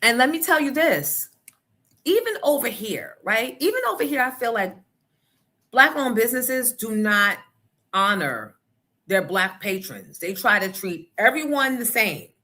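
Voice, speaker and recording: Bright, blunt woman talk-show host. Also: on the high side, unhurried. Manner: blunt, profane, animated storytelling. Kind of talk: casual opinion talk.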